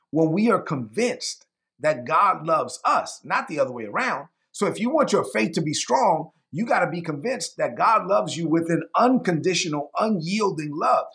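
Male preacher, high gravelly voice, lively emphatic sermon delivery. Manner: emphatic, repeats phrases, acts out quotes.

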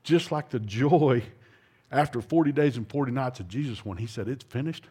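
A man's voice: mid-range voice, lively intonation, moderate pace, a little mellow, husky. A middle-aged man preaching an informal, folksy sermon, rambling with restarts and asides.

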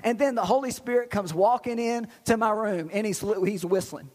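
A male pastor preaching a sermon in a folksy, animated way, cracking blunt jokes. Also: high-pitched, moderate pace, in a large hall, heavy background noise.

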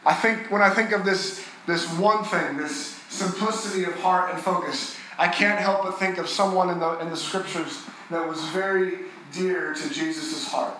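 A man preaching a sermon as pastor, earnest, rising and swelling on key phrases and dropping soft and low on tender moments. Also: steady tone, moderate pace, few pauses, heavy reverb, slight background noise, rough recording.

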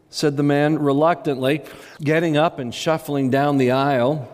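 A man's voice: a little high, moderate pace. Male preacher, story narration in a sermon, raised voice, echoing hall. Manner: animated storytelling. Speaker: pastor. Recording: reverberant church hall.

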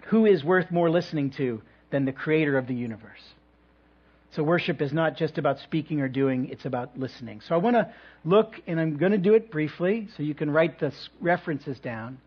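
A male pastor preaches a sermon in a church, pacing his thoughts with reflective pauses and touches of light humor. His voice sits on the higher side and carries a slight huskiness. The recording sounds dull and lo-fi. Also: breathy edge.

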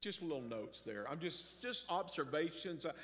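A man's voice: fairly high pitch, animated, moderate pace, a bit bright, in a large hall. A man preaching a sermon in a conversational way, with joking asides and acted-out quotes.

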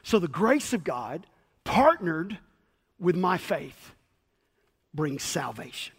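High-voiced chatty pastor in an echoing church. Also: male voice, big pitch swings, breathy edge. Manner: fast, chatty, self-deprecating with stammered restarts. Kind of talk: sermon.

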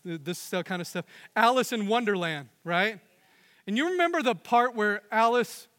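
High, bright-voiced preacher man in a hall. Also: smooth. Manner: earnest preaching, rising and dropping to hushed emphasis. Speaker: pastor. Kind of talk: sermon. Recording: long hall reverb.

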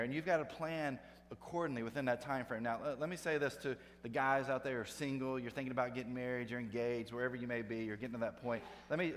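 A pastor giving a sermon, conversational, with emphatic rising bursts for effect. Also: male voice, mid-range voice. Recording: long hall reverb, faint hum.

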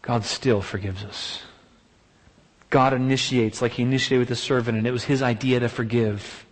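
A man's voice: medium pitch, fairly even intonation, normal speed. A man preaching a sermon, emphatic, piling up repeated rhetorical exclamations. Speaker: pastor. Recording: long hall reverb.

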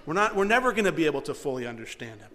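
A pastor preaches with an earnest, conversational drive, now and then slipping into the voices of the people he quotes. His voice sits a bit higher than most men's. It rings out in a hall with a long, trailing reverb. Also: big pitch swings, rapid-fire, sharp tone. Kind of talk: sermon.

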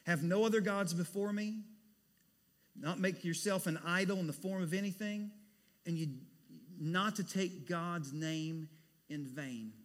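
A man preaching a sermon as pastor, animated, dropping to a hush and rising to loud bursts. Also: sits high, a little slow. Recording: long hall reverb.

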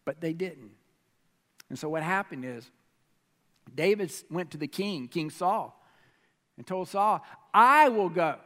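A man preaching a sermon, telling a story with animated delivery and frequent questions to the congregation. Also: fairly high pitch, unhurried, long pauses, in a large hall. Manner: animated storytelling, asks the audience questions, swings pace and volume.

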